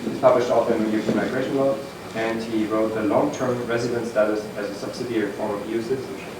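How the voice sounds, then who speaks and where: A man introducing a guest lecturer, speaking haltingly with many fillers. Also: lowish voice, fairly even intonation. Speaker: event host introducing a speaker. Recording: echoey, distant room mic with noise.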